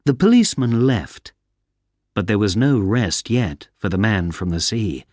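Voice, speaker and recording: A man narrating a simple story for English learners in a clear, careful reading. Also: on the low side, lively intonation, measured pace, a little mellow, dry recording, clean studio sound. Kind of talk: slow scripted storytelling.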